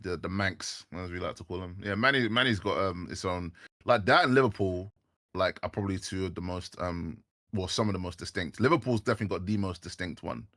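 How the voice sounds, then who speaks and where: A man's voice: low voice, fairly quick, a bit bright, no room sound, studio quality. A man with a London accent chatting casually on a livestream, rambling with lots of fillers and restarts. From England.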